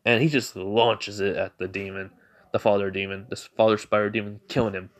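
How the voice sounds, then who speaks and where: A man's voice: lowish voice, fairly even intonation, a little fast. A man casually retelling a made-up fan story, rambling with lots of filler. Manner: rambling, heavy with fillers and restarts.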